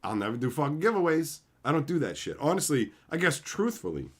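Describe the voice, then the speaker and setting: A man's voice: a little high, big pitch swings, fairly quick. A young man hosting a livestream, ranting in a brash, profane, swaggering way. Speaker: livestream host. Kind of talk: casual livestream rant.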